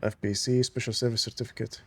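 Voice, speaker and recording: Talking fast in a level, slightly bright mid-range voice, a man provides casual let's-play commentary on a story game. He alternates between reading in-game documents aloud and making enthusiastic remarks as a fan.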